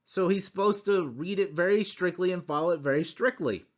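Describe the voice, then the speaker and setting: A man teaching a conversational history lecture, animated and full of rhetorical asides. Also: high voice, fairly quick, highs cut off.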